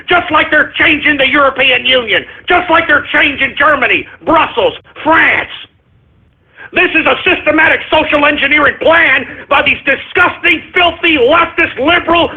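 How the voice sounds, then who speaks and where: A man hosting a talk radio show, delivering an angry, profane political rant. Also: very high voice. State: furious. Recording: tinny phone-like lo-fi radio audio.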